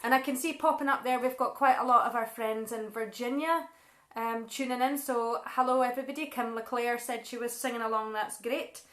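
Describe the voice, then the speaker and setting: A woman's voice: fairly high pitch, steady tone, fairly quick, a bit bright. A Scottish woman chatting casually at home between songs, reading out viewers' messages and apologising now and then. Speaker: singer and live stream co-host. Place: living room at home. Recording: echoey room.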